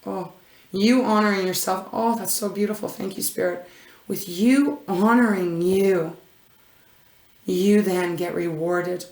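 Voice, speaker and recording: A woman's voice: mid-range voice, fairly even intonation, a little slow, a little mellow, reverberant. A woman reading tarot in a casual, effusive way, gushing over each card and rambling with frequent restarts. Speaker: intuitive tarot reader.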